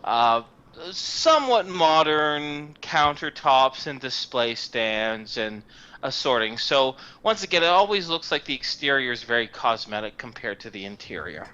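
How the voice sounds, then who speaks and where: A man's voice: mid-range voice, sing-song, a little slow, sharp tone, smooth. A man narrating a tabletop game as game master, loose and rambling with many fillers. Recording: dull lo-fi game recording.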